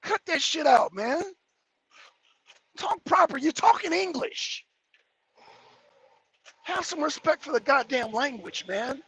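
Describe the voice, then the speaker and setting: A man's voice: extremely high pitch, animated, slow, pauses often, pushed and bright. A man hosting a live commentary stream, reading viewer comments aloud and ranting about them with lots of swearing. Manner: heated, profane, repeats and mocks viewer comments. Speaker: YouTube commentator.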